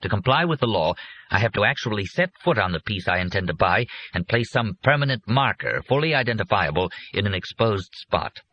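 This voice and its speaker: A man voicing a calm, confident older businessman who explains his land deal to his son in a persuasive, matter-of-fact way. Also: lowish voice, fairly quick. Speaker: father. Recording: muffled lo-fi recording.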